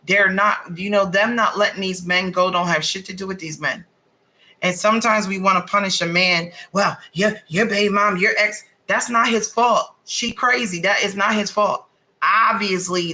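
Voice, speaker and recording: A woman giving a casual tarot card reading, blunt and animated, swearing freely as she talks. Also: mid-range voice, moderate pace, rough recording. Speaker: tarot reader.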